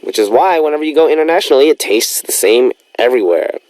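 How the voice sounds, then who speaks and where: A man's voice: medium pitch, lively intonation, fast, a little mellow, dry recording. A young man hosting a radio show in a studio, chatting casually and rambling with lots of fillers.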